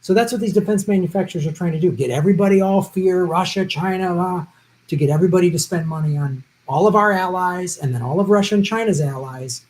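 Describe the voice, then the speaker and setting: A man's voice: high voice, fast, a little mellow, rough recording. A man hosting a live stream, answering viewer questions in a blunt, profane, unscripted way. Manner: blunt and profane, with heated outbursts.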